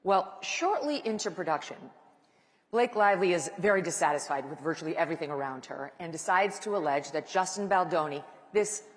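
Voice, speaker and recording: A woman's voice: fairly low pitch, animated, brisk. A woman giving a chatty, self-mocking stage talk at a live event, laughing often. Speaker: guest speaker. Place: large event hall. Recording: reverberant hall.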